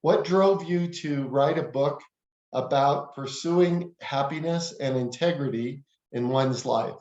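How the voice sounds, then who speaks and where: A man's voice: mid-range voice, slow pace, darkish tone. A man interviewing a guest, asking questions hesitantly and repeating words as he starts. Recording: roomy, dull lo-fi sound.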